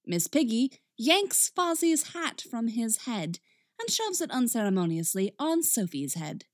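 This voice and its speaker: Slow, expressive woman storyteller. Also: a little high, dry recording, clean studio sound. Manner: expressive, wry narration. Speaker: narrator. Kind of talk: story reading.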